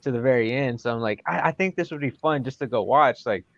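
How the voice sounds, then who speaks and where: A man's voice: mid-range voice, quick pace, no room sound. A man talking as a guest fighter in a casual podcast chat, rambling with lots of fillers and self-corrections. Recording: dull lo-fi dry sound.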